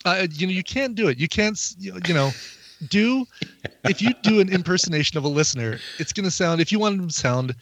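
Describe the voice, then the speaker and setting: A man's voice: high-pitched, expressive, fairly quick, fairly bright tone, no echo. Male podcast host, easygoing rambling chatter, dry studio sound. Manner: rambling, self-interrupting, jokey. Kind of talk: casual podcast chat.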